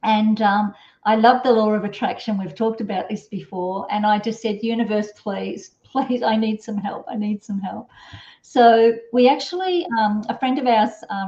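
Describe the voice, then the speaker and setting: A woman's voice: mid-range voice, darkish tone. Chatty middle-aged woman, roomy lo-fi sound. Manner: chatty, rambling, with many fillers and self-corrections. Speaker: parenting strategist guest. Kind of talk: storytelling in an interview.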